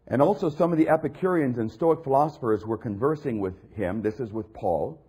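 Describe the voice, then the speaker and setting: A man preaching a sermon, reading scripture and mocking other voices, building to loud peaks. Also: mid-range voice, animated, a little fast, husky.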